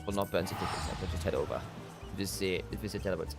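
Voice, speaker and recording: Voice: low-pitched, fast talker, creaky, over music. A game streamer chatting casually while playing, thinking aloud and trailing off now and then. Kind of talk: casual live gameplay chat.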